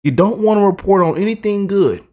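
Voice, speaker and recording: A man giving excited, gloating political commentary as a YouTuber, repeating himself and mocking his targets. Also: high voice, a little fast.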